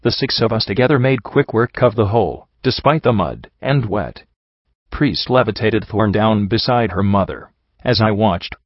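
A man narrating a story in the first person, reading in a measured, somber way. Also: on the low side, lively intonation, no echo. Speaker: audiobook reader. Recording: dull lo-fi sound.

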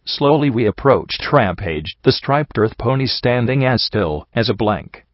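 A man reading a fan fiction story aloud as narrator, in a steady, measured way. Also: mid-range voice, no room sound, lo-fi sound. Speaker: audiobook reader.

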